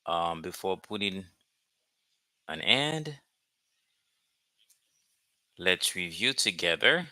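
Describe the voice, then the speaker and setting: A man teaching a language lesson, repeating phrases slowly and checking in with "okay?" after each point. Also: deep voice, very animated, bright, forceful tone, dry recording. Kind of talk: slow explanatory lesson.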